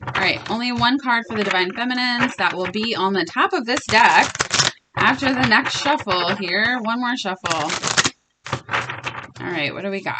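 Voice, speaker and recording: A young woman chatting casually in a tarot reading vlog, blunt and quick to swear, laughing often. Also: medium pitch, heavy background noise. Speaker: tarot reader and vlogger.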